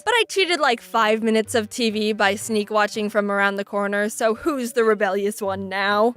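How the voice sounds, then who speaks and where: Young woman narrator, dry sarcastic storyteller, a bit high-pitched, light music bed. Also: a bit bright. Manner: quick shifts into quoted voices, sarcastic asides. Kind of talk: casual comedic storytelling. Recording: faint music behind.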